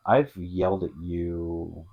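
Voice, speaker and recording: A relaxed man in his thirties chatting easily with his wife on a podcast. His voice sits low, and he often stumbles over a word and tries again before laughing things off. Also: slow, vocal fry, phone-quality sound. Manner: laid-back, repeats himself, laughs easily. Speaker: podcast co-host. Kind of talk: casual chat.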